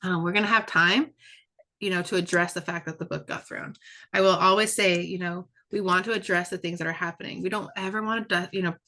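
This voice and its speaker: Woman, webinar presenter, bright voice, conversational, repeats words for emphasis. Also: on the low side, fairly even intonation, brisk. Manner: conversational, often checks in with "right?" and "you know". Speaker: presenter and curriculum developer. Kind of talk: webinar lecture.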